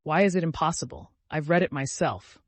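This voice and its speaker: A man's voice: on the high side, brisk, no echo, close to an everyday voice. A male narrator voicing a tormented, irritable young man who speaks sharply and angrily. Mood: agitated. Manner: sharp, angry outbursts.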